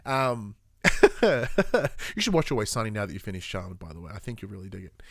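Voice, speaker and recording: A man's voice: fairly low pitch, lively intonation, moderate pace, vocal fry, fairly bright tone, no echo, clean studio sound. A tired man, co-hosting a podcast, telling stories animatedly and swearing freely in casual chat. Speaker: podcast co-host.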